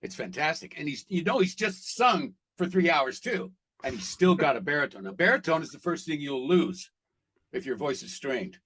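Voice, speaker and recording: A man who works as a voice actor telling stories in a casual interview, animated and laughing as he acts out what people said. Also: a little high, moderate pace, husky, low-quality recording. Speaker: voice actor guest.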